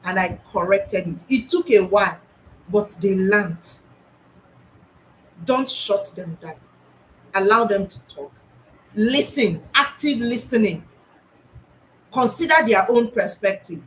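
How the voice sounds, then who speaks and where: A woman's voice: mid-range voice, expressive, slow, long pauses, a little hiss or hum, low-quality recording. A woman school psychologist, talking earnestly to teachers about classroom practice, often restarting and repeating her points.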